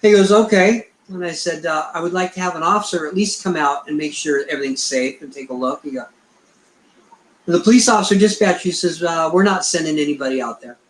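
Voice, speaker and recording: This Bigfoot researcher, a middle-aged guest in an interview, speaks fairly quickly in a slightly high voice. His story wanders, and he performs the lines of dialogue he quotes. The room has a noticeable echo.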